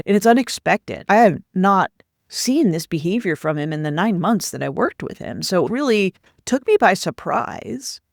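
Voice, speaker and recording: A woman's voice: low-pitched, a little mellow, no room sound, studio quality. A woman career coach candidly recounting a personal workplace story, acting out the quoted dialogue as she goes.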